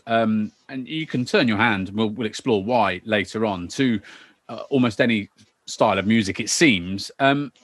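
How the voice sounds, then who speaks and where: A man in his thirties hosting a podcast interview, asking relaxed, chatty questions with small hesitations. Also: fairly low pitch, no room sound. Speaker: podcast host. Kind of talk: casual interview chat.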